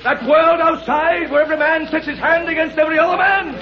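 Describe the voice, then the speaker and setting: A man's voice: extremely high pitch, steady tone, a little fast, highs cut off, crowd noise. An actor playing a domineering, pompous madman who rules a valley, in 1940s radio acting. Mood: shouting. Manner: pompous, ranting, self-righteous. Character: domineering mad male valley ruler. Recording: scratchy old radio broadcast with hiss.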